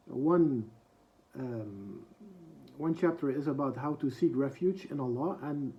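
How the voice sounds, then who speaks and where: In a thoughtful book lesson, a man rattles off quoted prayers at speed and then translates them slowly, often pausing with gentle hesitations. His voice sits in the mid range, and the recording has its high frequencies cut off.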